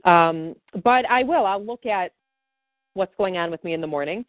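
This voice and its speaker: A woman's voice: on the low side, lively intonation, moderate pace, no room sound. A woman practitioner guiding a tapping session and chatting easily, with lots of fillers. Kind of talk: guided tapping and casual chat. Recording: tinny phone-like call audio.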